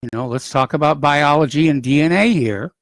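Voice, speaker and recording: A male talk radio host reads through the day's news at an easy, unhurried pace and breaks in with blunt opinions. His voice sits a little high for a man. It is recorded dry and close in a studio, with no room sound. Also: no echo. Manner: unhurried, conversational, opinionated asides. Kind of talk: news commentary and call-in radio.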